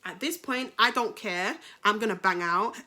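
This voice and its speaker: A young woman with a London accent tells her own story straight to camera. She talks in an animated, slang-filled way, turning to her viewers as guys. Her pitch sits at an ordinary middle height for a woman. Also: normal speed. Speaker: vlogger. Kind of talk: storytime vlog.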